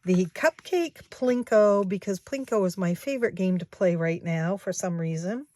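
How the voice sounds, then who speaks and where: A woman's voice: mid-range voice, lively intonation, moderate pace, darkish tone, no room sound. A woman in her sixties, a craft shop owner chatting casually to her viewers, rambling and often going back to correct herself. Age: 60s.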